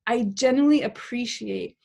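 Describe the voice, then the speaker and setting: A middle-aged woman with a fairly high voice, speaking as a podcast guest. She tells a reflective story in long, earnest, winding sentences. She keeps checking in with her listener with a quick "right?". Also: gravelly, mellow. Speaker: podcast guest, political science professor.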